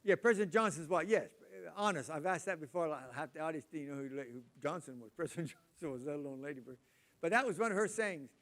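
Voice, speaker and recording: A man's voice: fairly high pitch, animated, fast, fairly bright tone. An older man, preaching in a casual, rambling way, repeating words and talking to the congregation. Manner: rambling, repeats words, chatty asides to the audience. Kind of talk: casual sermon talk.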